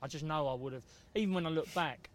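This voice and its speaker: A man with a London accent, a former footballer chatting casually, chummy and teasing and quick to laugh. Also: fairly high pitch, crowd noise. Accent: London English. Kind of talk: casual chat.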